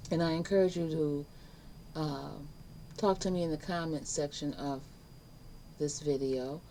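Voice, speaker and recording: A woman's voice: low voice, background noise. A woman teaching a casual online life skills class, chatty and emphatic, acting out little exchanges. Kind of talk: casual spoken lesson to camera.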